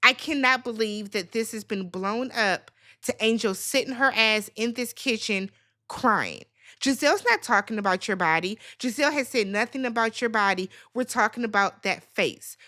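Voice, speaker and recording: Sassy, bright-voiced woman ranting. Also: medium pitch. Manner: sassy, blunt and profane, swinging into loud squeals. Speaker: recap channel host. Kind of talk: casual reality TV recap rant.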